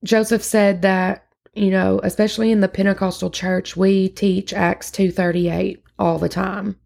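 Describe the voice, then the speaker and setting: Woman host, casual sermon recap, chatty, vocal fry throughout. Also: medium pitch, flat delivery, measured pace, darkish tone. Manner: chatty and earnest, with frequent fillers and restarts. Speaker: podcast host.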